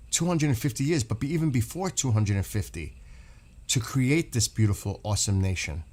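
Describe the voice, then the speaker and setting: This middle-aged American man hosts a live stream, chatting casually and earnestly with viewers in a mid-range, slightly dark voice. He rambles and often repeats himself.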